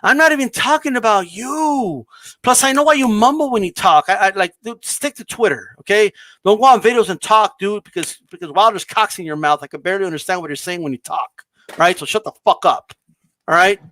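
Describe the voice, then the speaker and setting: Brash high-voiced man ranting. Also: brisk, a bit bright, dry recording. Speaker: boxing channel co-host. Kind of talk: casual podcast chat.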